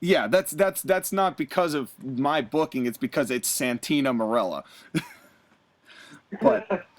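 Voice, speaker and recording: Animated man recapping wrestling. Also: fairly high pitch, measured pace. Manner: animated storytelling, acts out wrestlers' lines. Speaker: podcast host recapping a wrestling show. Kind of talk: casual podcast chat.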